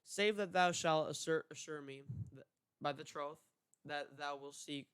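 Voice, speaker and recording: A man's voice: on the high side, a little slow, fairly bright tone, clear, resonant tone, no echo. The Green Knight, read by a young man. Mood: solemn. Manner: archaic formal speech, read with frequent stumbles. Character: the Green Knight, a stern giant male knight.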